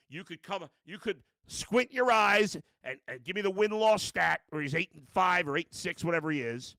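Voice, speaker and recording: A man's voice: fairly high pitch, vocal fry, sharp tone, no echo. A middle-aged man hosting a live post-game sports show, ranting bluntly with profanity, self-mocking asides and frequent restarts. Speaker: sports talk show host.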